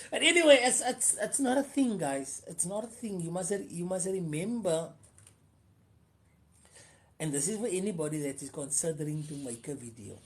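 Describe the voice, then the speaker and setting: A woman's voice: fairly low pitch, lively intonation, normal speed. A woman with a Cape Coloured South African accent hosting a casual live stream, repeating phrases for emphasis and switching between English and Afrikaans.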